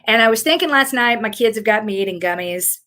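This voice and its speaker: Chatty Southern woman, fairly high voice. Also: lively intonation, fast, sharp tone. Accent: Southern US, Tennessee. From rural Tennessee. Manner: chatty, rambling, self-deprecating. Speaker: fitness coach. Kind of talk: casual live Q&A chat.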